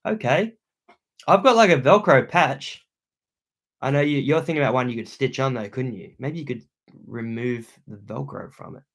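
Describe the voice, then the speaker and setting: A man's voice: medium pitch, normal speed. A young Australian man hosting a livestream from a room at home, reading viewer comments aloud and thanking them in laid-back slang. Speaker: outdoor channel host.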